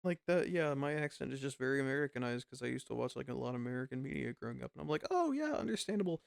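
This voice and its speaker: A man's voice: medium pitch, racing, vocal fry, smooth, dry recording, studio quality. A man, a podcast co-host, telling stories in casual chat and laughing often. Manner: animated storytelling, laughs often.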